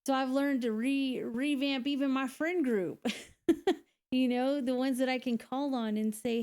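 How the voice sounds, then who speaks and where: A woman's voice: high voice, fairly even intonation, measured pace, a little mellow, clean tone. A woman, a single mother, telling her own story in a candid, conversational way, with frequent laughs and fillers. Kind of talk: casual personal testimony.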